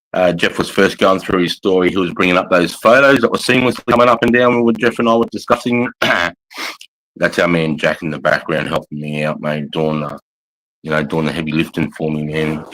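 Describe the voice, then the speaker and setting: A laid-back Australian man with a lowish voice hosts a casual livestream from his couch. He talks in a loose, sweary way, calling everyone mate. He sounds middle-aged. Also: a bit bright, rough recording. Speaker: livestream host. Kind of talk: casual live chat. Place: at home on a couch.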